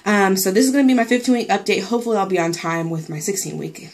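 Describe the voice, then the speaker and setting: A woman's voice: mid-range voice, fast talker, a little mellow. A young woman talks through a casual vlog update in a loose, rambling way, full of fillers. She sounds a little out of breath as she chats. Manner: chatty, rambling, lots of fillers and likes. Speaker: pregnancy vlogger.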